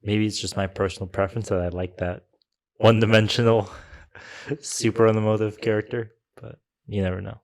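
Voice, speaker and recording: A man's voice: lowish voice, level tone, a little fast. A man co-hosting a podcast, chatting casually about a film and thinking aloud in long, restarting sentences. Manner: talks in long, restarting trains of thought. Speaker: podcast co-host. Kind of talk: casual film review chat.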